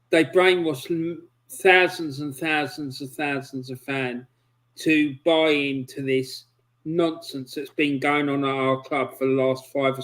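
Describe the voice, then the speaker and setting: A man's voice: medium pitch, a bit bright, rough recording. A man hosting a football chat, speaking passionately and indignantly about his club. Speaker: show host. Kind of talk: opinionated chat.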